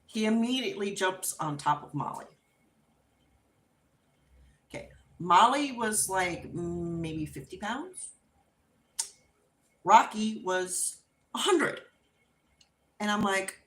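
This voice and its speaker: Slow-talking woman telling a story. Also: medium pitch, echoey room. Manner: chatty, unhurried anecdote telling with frequent laughs; animated and expressive when acting out quotes. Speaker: livestream host. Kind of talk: casual storytelling while crafting.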